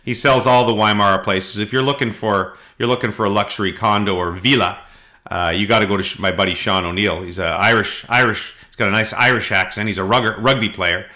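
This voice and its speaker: A middle-aged man from Canada, co-hosting a podcast and telling animated anecdotes in casual chat. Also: fairly low pitch, brisk. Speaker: podcast co-host.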